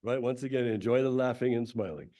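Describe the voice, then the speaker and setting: A man at a mid-range pitch gives a Sunday talk. He coaches the group through an exercise with plain, directive instructions and clears his throat often between phrases. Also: fast talker, warm tone. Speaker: speaker leading a Sunday talk. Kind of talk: leading a group laughter exercise.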